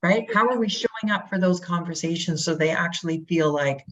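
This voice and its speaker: A woman speaking as a guest in an interview, energetic, asking rhetorical questions and acting out quotes. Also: on the low side, fairly quick. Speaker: real estate brokerage guest. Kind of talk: animated interview talk. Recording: dull lo-fi audio.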